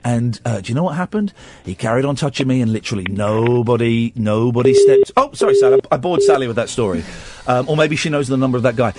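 A man's voice: medium pitch, fast talker, very noisy. A middle-aged man hosting a casual radio show, telling stories in a chatty, rambling way. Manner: chatty storyteller, breaks into loud sung snatches. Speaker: radio host. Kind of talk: casual late-night radio chat.

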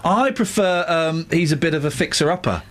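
A man's voice: fairly high pitch, expressive, fairly bright tone. An older man hosting a radio show, teasing and joking with guests and callers. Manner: teasing, jokey, quick to laugh. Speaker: radio host. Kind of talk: lively radio chat.

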